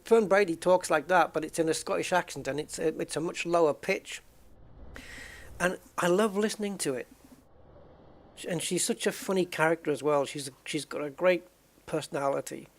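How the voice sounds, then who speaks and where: Chatty man with a higher voice. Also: vocal fry. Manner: rambling, chatty, often restarts his sentences. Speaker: game streamer. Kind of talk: casual chat while gaming.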